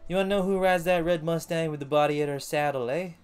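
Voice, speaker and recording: A man's voice: on the high side, fast, clean tone, faint music behind, voice pushed up, lightly acted. A man voicing a swaggering cowboy detective with a put-on cowboy drawl and folksy bravado.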